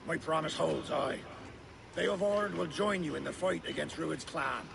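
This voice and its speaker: An actor playing a gruff older male village reeve in a medieval game, speaking in a stately, old-fashioned way. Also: fairly high pitch, measured pace, background noise. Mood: solemn.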